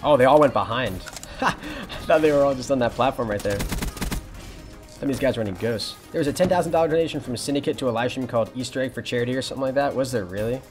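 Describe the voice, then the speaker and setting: A young man runs a live game stream, answering his chat in a relaxed, chatty way. He talks at a brisk clip, with a middle-pitched voice. Faint music sits behind him. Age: young adult. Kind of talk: casual live-stream chat while playing.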